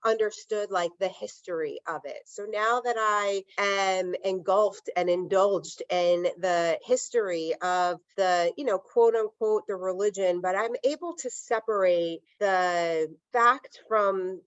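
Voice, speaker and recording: A woman's voice: mid-range voice, slow, few pauses, no echo, dull audio. A woman hosting a casual podcast, speaking reflectively in long thoughtful runs. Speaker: podcast host.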